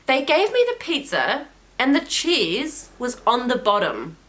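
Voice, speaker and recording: A young woman from New Zealand, with her country's accent, chats to camera in a loose, animated way, full of "like" and "eh". Her voice is bright and sits a little high. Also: measured pace. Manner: chatty, animated, many "like"s and "eh"s. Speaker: travel vlogger. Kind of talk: casual vlog chat.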